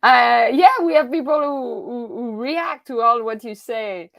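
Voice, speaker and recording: Woman hosting a podcast in english, slow and halting, dry close sound. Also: on the high side, gravelly, a bit bright, dry recording. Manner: hesitant, repeats words while asking questions. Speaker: podcast host. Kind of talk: casual interview chat.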